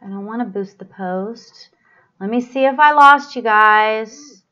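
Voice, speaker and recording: A high-voiced woman hosts a live stream as a psychic medium. She talks in a chatty, flustered way, often apologizing and laughing. She speaks straight to her viewers as she gives readings. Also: a little slow, bright, forceful tone, dull audio.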